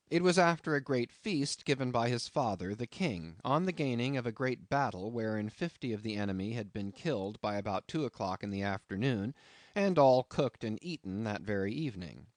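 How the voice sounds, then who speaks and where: A male audiobook narrator reads a classic novel in a medium voice that swings widely in pitch. His delivery is expressive and storytelling. The recording is dry, with no room sound. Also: moderate pace, dry recording.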